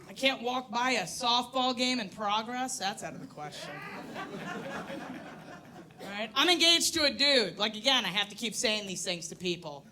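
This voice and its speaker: Brash high-voiced female stand-up comic. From New York. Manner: brash, crude, self-mocking, loud put-on voices in bits. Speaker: stand-up comedian. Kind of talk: stand-up comedy set. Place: comedy club stage, live audience.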